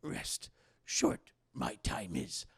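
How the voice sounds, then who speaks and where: A man voicing a tiny ancient sage who speaks with backwards word order, in a deep croaking whisper. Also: very animated, drawn-out words, a bit bright, dry recording, clean studio sound, full character voice. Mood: weary. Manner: backwards syntax, low grumbling croak. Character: ancient tiny green male sage, cryptic.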